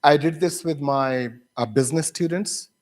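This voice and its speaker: A man's voice: on the high side, moderate pace. A man lecturing university teachers, telling classroom stories with many fillers and restarts and acting out his students' voices. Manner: acts out students' voices when quoting.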